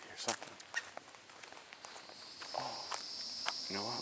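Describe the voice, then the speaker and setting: A man's voice: lowish voice, steady tone, unhurried, very noisy. A man chatting casually as he walks outdoors, rambling and talking to himself. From New York. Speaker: walking vlogger. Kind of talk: casual walking vlog chat. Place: outdoors in rural nature. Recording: outdoor ambience clearly heard.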